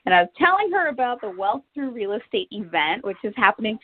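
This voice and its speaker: A woman's voice: on the high side, very animated, a little fast, no echo. A woman hosting a podcast interview, effusive and encouraging with the guest. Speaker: podcast host. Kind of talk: upbeat interview chat. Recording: tinny phone-line sound, faint noise.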